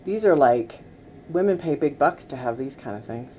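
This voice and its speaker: A middle-aged woman working as a makeup artist, giving gentle, coaxing instructions to a client during a tutorial. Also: very deep voice, expressive, moderate pace. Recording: faint background noise.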